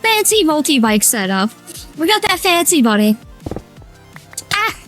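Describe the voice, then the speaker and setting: A man streaming a game through a feminine voice changer, chatting excitably with his chat, squealing and giggling. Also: very high-pitched, measured pace, faint music behind, voice pushed up, full character voice. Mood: playful. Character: high feminine streamer voice, playful. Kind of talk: casual live-stream chat while gaming.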